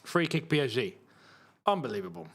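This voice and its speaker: A young man hosting a live football watchalong, reacting with frustration and bursts of excitement. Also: medium pitch, fairly quick. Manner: frustrated, animated, swings between muttering and shouting. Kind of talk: live match watchalong commentary.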